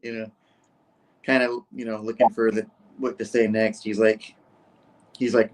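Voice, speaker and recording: A man's voice: on the low side, flat delivery, measured pace, pauses often. A man co-hosting a podcast who recaps a comic book casually and in a rambling way, leaning on "he's like" and "you know". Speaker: podcast co-host.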